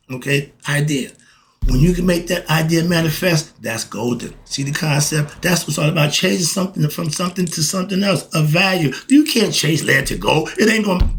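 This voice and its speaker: In a creaky, higher-pitched voice, a middle-aged host leads a casual talk on spiritual matters. His delivery is preachy and excitable; he asks and answers his own questions and alternates between calm passages and fired-up surges.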